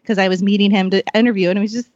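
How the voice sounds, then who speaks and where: A woman's voice: mid-range voice, steady tone, rapid-fire, a little mellow, dry recording, muffled recording. A young woman guest chatting casually, giggling often and talking with lots of fillers. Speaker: podcast guest, equestrian journalist. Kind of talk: casual chat.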